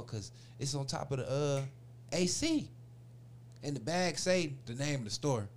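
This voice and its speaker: A man in his forties with a medium-pitched voice narrates a long story at a moderate pace, with slight noise in the background. It's casual chat full of slang and swearing, and he animatedly imitates the people he describes.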